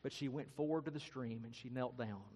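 This pastor's mid-range, husky voice moves a little fast, with a long reverb tail behind it. He preaches earnestly and dramatically, telling a story and varying how loud and how quickly he speaks.

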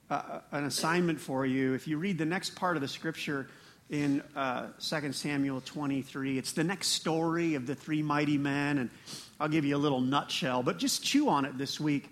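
A man preaching a sermon as pastor, animated, with laughing asides and rising emphasis. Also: fairly high pitch, normal speed.

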